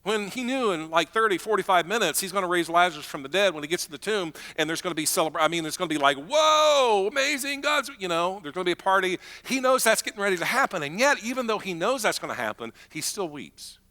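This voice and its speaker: A man preaching a sermon as pastor, emphatic, swinging between loud declarations and hushed, slow moments. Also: high voice, lively intonation.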